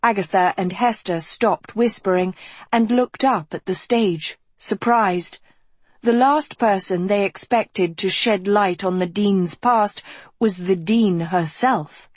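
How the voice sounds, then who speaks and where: A woman narrating an audiobook in a measured, even storytelling manner. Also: mid-range voice, breathy edge, no echo.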